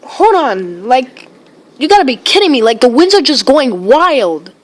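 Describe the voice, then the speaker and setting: A woman's voice: sits high, very animated, a little slow. A woman live-streaming, rambling and exclaiming often while reading viewer comments. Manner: rambling, filler-heavy. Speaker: livestream weather vlogger.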